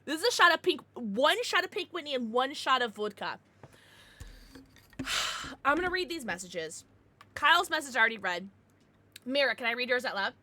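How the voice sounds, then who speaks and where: Lively bright-voiced woman streamer. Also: high voice, moderate pace, pauses often. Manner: excitable and swears freely; laughs and gasps often. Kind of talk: casual livestream chat with viewers.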